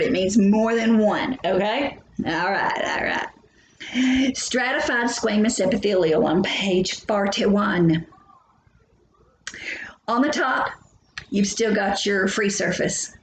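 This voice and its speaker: A woman teaching a biology lesson in a chatty, joking way, talking straight to her students. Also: medium pitch. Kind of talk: recorded lecture. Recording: echoey room, faint hum.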